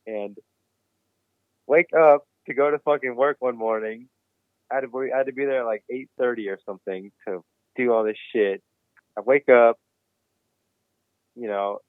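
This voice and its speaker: Man, podcast guest, swearing, animated storyteller, tinny phone-like line, dry sound. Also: medium pitch, no echo. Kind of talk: casual storytelling.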